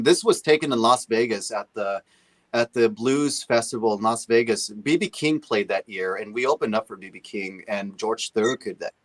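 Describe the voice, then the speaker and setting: A man guesting on a talk show, casually telling stories and acting out other people's voices. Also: medium pitch. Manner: animated, acts out the voices of others. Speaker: guest musician. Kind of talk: casual storytelling.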